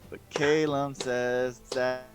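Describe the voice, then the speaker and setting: A man's voice: medium pitch, level tone, slow, over music. A man playing in a tabletop game over a lagging video call, joking and making sound effects with his voice. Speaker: player. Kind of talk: casual chat during a tabletop game. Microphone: video call with a lagging connection.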